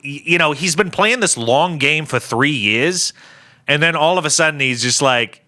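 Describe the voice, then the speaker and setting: A man's voice: on the high side, moderate pace. A man co-hosting a podcast, chatting casually and animatedly, mocking scenes by acting them out. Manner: animated, acts out characters mockingly. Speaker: podcast co-host. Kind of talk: casual chat.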